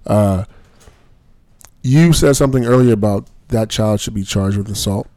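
A man co-hosting a podcast talks earnestly, pausing and searching for words. His voice has a gravelly edge and sounds dry and close. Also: lowish voice, mellow, no echo. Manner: earnest, halting, many fillers. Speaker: podcast co-host. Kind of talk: casual podcast chat.

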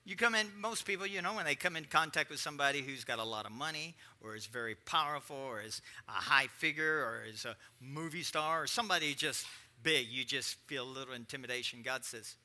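A man's voice: medium pitch, fairly quick, sharp tone. A middle-aged man preaching a sermon as pastor, emphatic, with joking asides to the congregation.

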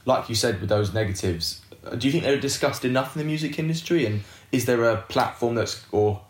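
A man hosting a podcast interview, relaxed and prompting his guest with short agreements. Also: medium pitch, a little fast. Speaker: podcast host. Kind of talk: casual interview chat. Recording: roomy echoey room.

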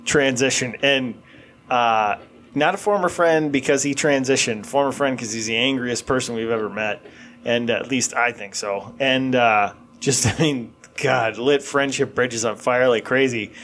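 A man's voice: medium pitch, unhurried, fairly bright tone, soft background music. A middle-aged man with a mid-range voice, chatting as a podcast co-host. He is blunt and crude, and he laughs easily through the conversation. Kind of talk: casual chat.

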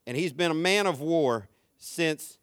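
Man doing a stern skeptical king, dismissive, deeper weighty tone, bright timbre, dry sound. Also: a little slow, no echo. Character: stern skeptical older king, big and doubting.

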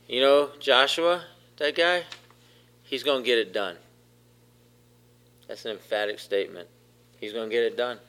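A man's voice: mid-range voice, normal speed, long pauses, bright, forceful tone. A man preaching a sermon, emphatic, repeating phrases and putting questions to the congregation. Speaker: pastor.

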